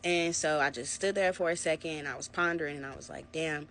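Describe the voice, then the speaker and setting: A young adult woman narrating a personal story to her viewers in a casual, animated storytime vlog. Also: low-pitched, fairly quick, a little hiss or hum. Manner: animated, conversational storytelling, addressing viewers as "y'all". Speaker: vlogger.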